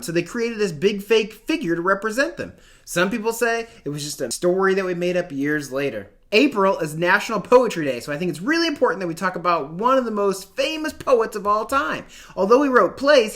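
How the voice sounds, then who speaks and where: A young man leads an online lesson, his bright voice swinging widely up and down. He jokes, uses slang and chants terms in a sing-song rhythm. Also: sits high. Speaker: teacher.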